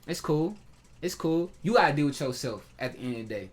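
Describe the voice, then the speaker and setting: Male vlogger, emotional rant, profane, halting restarts. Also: fairly high pitch, animated. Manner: heated, hurt, swearing, with many restarts. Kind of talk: emotional personal vlog rant.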